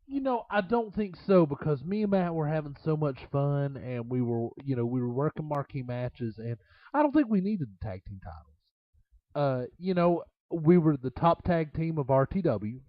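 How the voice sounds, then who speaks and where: A man's voice: fairly high pitch, sing-song, moderate pace, no room sound. A man, a former wrestler, telling road stories in a rambling way, full of fillers and laughter. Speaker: interview guest, former wrestler. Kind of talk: casual storytelling. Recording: dull, lo-fi.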